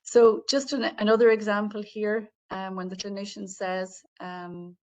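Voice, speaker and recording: A woman trains participants in healthcare communication through an online webinar on a video call, addressing them directly and explaining in a friendly tone. Her medium-pitched voice is darkish, measured in pace and has little pitch movement, and the recording's highs are cut off.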